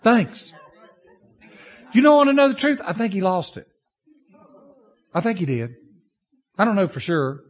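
A man preaching to his congregation in a high, very lively voice. He tells homespun stories, jumping from loud outbursts to low, confiding asides. His pitch swings freely all through the sermon. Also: moderate pace, long pauses, muffled recording. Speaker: pastor.

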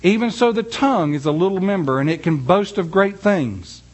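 A man with a fairly high voice delivers a sermon. He reads scripture slowly with weight on each phrase, then shifts into a folksy, conversational story. His delivery is that of a preacher addressing a congregation. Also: expressive.

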